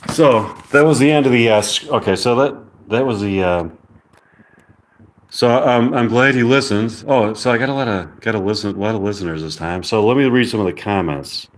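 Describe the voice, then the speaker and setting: A man on a casual live stream, reading viewer comments aloud in a halting way. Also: on the low side.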